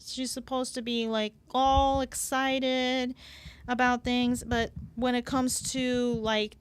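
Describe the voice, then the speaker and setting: A woman talking as a guest on a casual gaming podcast, halting and full of fillers and repeated words. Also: high-pitched, flat delivery, smooth, dry recording.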